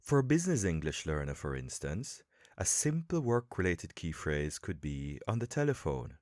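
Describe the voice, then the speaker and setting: A man with a very deep voice hosts a language-learning podcast lesson. He explains in a calm, measured way, his pitch rising and falling with lively emphasis. The recording is dry and close to the mic. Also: dry recording. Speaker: podcast host and English coach.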